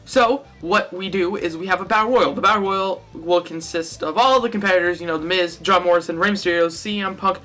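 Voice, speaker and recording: With a high-pitched, pushed and bright voice, a young vlogger races briskly through a wrestling fantasy-booking monologue with few pauses, faint music behind him. He rambles, self-corrects and cracks jokes throughout.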